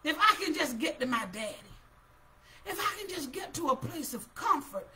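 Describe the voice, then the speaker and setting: A woman's voice: high voice, sing-song, moderate pace, pushed and bright, slight background noise. A woman preacher giving a fervent sermon, calling out to her listeners and repeating her words.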